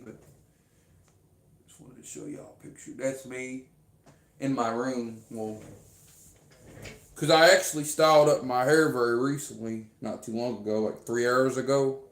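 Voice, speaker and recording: In an echoey room, a man with a creaky, medium-pitched voice speaks in an unhurried, steady tone to his livestream viewers. His talk is casual, rambling, and repetitive, full of fillers and heartfelt thanks to his fans.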